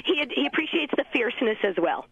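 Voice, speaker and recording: A woman's voice: high-pitched, very animated, fast, a bit bright, breathy edge, no echo. Woman caller, cheerful and giggly, muffled phone line, dry sound.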